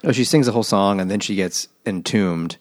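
A man's voice: on the low side, brisk. A man co-hosting a casual book podcast over a video call, tossing in wisecracks. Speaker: podcast co-host. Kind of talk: casual joking book chat.

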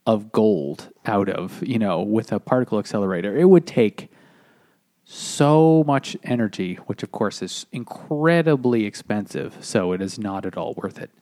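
Low-voiced man musing deadpan. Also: moderate pace. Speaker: podcast co-host. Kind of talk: casual chat over beers.

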